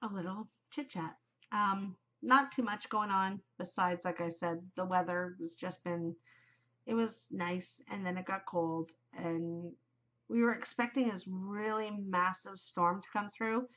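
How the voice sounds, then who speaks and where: A woman's voice: mid-range voice, fairly even intonation, measured pace, fairly bright tone. A middle-aged woman hosting a casual chat podcast, chatty, emotional and gushing as she talks. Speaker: podcast host. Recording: muffled lo-fi home recording.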